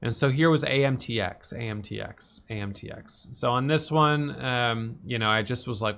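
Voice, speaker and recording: A tired man casually recapping his day's stock trades, talking fast with lots of fillers and restarts. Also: gravelly, fairly bright tone. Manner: fast, filler-heavy talk with restarts, "boom" for quick actions. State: tired, yawning.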